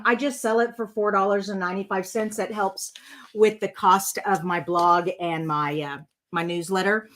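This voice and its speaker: A woman's voice: medium pitch, fairly bright tone. A middle-aged woman, chatting casually with viewers during a live card-making stream, rambling and full of fillers. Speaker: card-making channel host.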